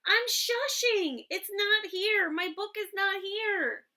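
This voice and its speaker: A woman voicing an eager, insistent little girl who is excitable and obsessed with one book. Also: very high voice, slow, voice pushed up, heavily acted.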